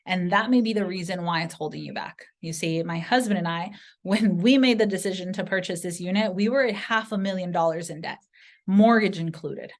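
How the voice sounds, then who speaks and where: A woman giving an earnest motivational sales pitch to camera, speaking directly to the viewer and telling personal stories. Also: a little fast. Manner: earnest, direct, story-driven persuasion. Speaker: sales presenter.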